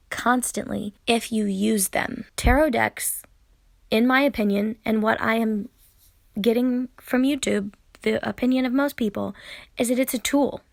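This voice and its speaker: Indignant woman ranting to camera, gravelly voice. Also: fairly high pitch, no room sound, clean studio sound. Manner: exasperated, indignant, direct address. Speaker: tarot YouTuber. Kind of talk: ranting vlog commentary.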